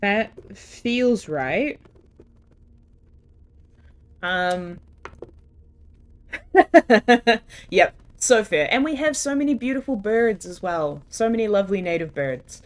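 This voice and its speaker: A woman's voice: medium pitch, big pitch swings, slow pace, long pauses. A young woman from New Zealand with a New Zealand accent that slips toward American R's, chatting and giggling with her chat as she streams a game. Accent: New Zealand, with some American-sounding R's.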